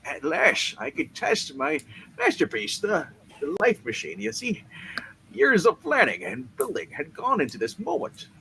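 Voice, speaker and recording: A man's voice: high-pitched, wildly swooping pitch, a little slow, creaky, bright, forceful tone, full character voice. A man voicing a brash young male scientist, boastful and crude, swearing as he tells his story, with faint noise behind.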